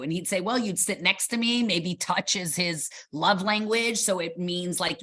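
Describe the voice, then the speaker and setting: A woman guest in a casual interview, talking fast and acting out bits of dialogue as she tells her stories. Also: on the low side. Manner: animated storyteller acting out dialogue. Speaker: boxing gym owner, guest.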